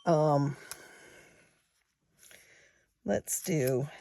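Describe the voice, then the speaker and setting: A woman in her sixties with a lowish voice chats at an unhurried, slow pace. She talks straight to her viewers as "you guys" and counts money out loud in a casual, homey way. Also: creaky. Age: 60s. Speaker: savings challenge vlogger.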